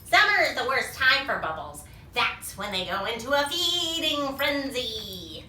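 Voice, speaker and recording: A woman's voice: sits high, big pitch swings, unhurried, sharp tone, far from the mic, slight background noise, heavily acted. A woman reading the lines of a fretful male monster who insists bubbles are dangerous, in a storybook read-aloud, in an echoey small room. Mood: alarmed. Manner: dramatic, insistent warnings.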